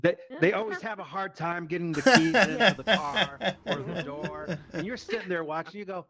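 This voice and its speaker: A man tells a stand-up story with a voice that sits a little on the high side. He is animated and profane, and he slips into the voices of the people he quotes. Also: moderate pace, hardly any pauses, a loud crowd. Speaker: stand-up comedian. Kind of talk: stand-up storytelling in a VR comedy show.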